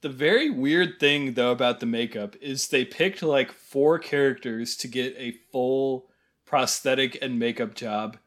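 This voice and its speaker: A man's voice: medium pitch, measured pace. A man co-hosting a podcast, talking casually about a film with plenty of fillers. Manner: relaxed, agreeable, filler-heavy. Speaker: podcast co-host. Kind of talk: casual film review chat.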